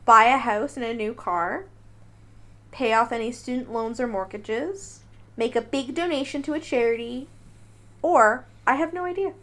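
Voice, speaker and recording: A woman hosting a casual personality quiz, playful and quick to laugh, reading options off a list. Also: a little high, fairly bright tone. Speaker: host running a personality quiz. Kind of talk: casual chat.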